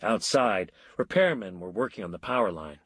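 A man reads a story aloud with a wry, measured delivery and a husky edge to his voice. His pitch moves in lively swoops, and the recording is close and dry. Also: no room sound. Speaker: audiobook narrator. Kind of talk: scripted narration.

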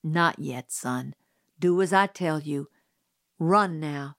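Atticus, a woman lowering her voice for a calm father. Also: no echo, clean studio sound. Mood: calm, firm. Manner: low, measured and firm. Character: calm, steady middle-aged Southern father. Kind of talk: audiobook character voice.

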